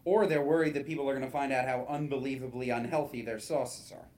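A man's voice: medium pitch, steady tone, fast, darkish tone. A man co-hosting a casual podcast, chatty and full of playful follow-up questions. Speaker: podcast co-host. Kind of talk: casual chat.

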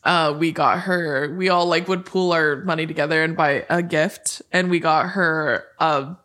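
A woman's voice: deep voice, steady tone, a little slow, a bit bright. A young woman co-hosting a podcast, chatting casually and bluntly, with sarcastic swearing. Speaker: podcast co-host. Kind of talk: casual chat, storytelling.

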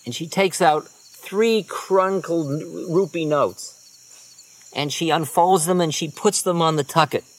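A man, a spiritual teacher, telling unhurried rambling anecdotes with soft trailing asides. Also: fairly high pitch. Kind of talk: storytelling talk.

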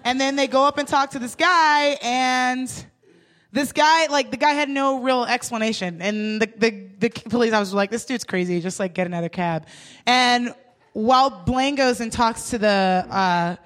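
A young woman in casual chat, telling a story with lots of swearing and acting out what everyone said with big jumps in her voice. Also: moderate pace. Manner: animated, swears freely, acts out quotes with big pitch jumps.

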